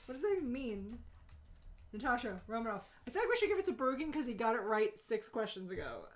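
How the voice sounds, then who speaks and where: Woman, slightly high voice, giggly, casual stream co-host, playful shouts. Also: sing-song, fast talker. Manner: giggly, laughs often between lines; playful, loud bursts of shouting. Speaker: co-host of a beer and comics stream. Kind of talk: casual chat.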